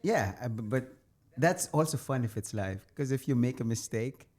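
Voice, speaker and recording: Animated, playful podcast co-host man. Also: mid-range voice, normal speed. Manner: animated storytelling, playful crude humor. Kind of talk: casual chat.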